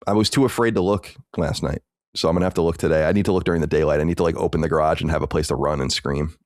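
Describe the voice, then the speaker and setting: A man's voice: a bass voice, fairly even intonation, very fast, darkish tone, no room sound, clean studio sound. A man co-hosting a podcast, chatting casually in a rambling, filler-heavy way. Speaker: podcast co-host. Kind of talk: casual chat.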